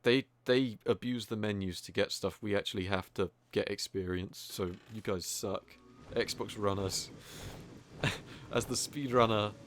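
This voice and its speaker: A man speedruns a game while tossing out casual, joking commentary, teasing the other players and swearing now and then. His voice is on the low side and unhurried, with a little hiss or hum in the audio. He mocks freely, curses offhandedly and fills his talk with lots of fillers.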